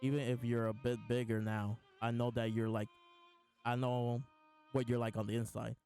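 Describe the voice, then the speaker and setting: A man's voice: mid-range voice, level tone, moderate pace, darkish tone, faint music behind. A man hosting a live reaction, reading lines aloud between laughs and restarts. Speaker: host reading and reacting to a comic chapter. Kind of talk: casual live reaction chat.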